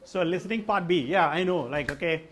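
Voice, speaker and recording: A man's voice: on the high side, a little fast, fairly bright tone, a little hiss or hum. A man teaching an English test class, explaining answers with lots of "like" and "okay". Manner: addresses a class with questions. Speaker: language test trainer. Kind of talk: live classroom lesson.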